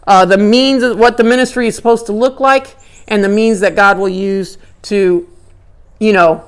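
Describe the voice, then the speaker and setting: A woman giving a conversational Bible lecture, animated and acting out characters' inner dialogue. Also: mid-range voice, moderate pace, smooth. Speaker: Bible teacher.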